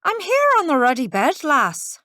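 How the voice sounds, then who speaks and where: A woman voicing a tiny male leprechaun with an Irish accent, gruff and cheeky. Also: high-pitched, huge pitch swings, normal speed, bright, forceful tone, no room sound, clean studio sound, heavily acted. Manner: grumbling, blunt.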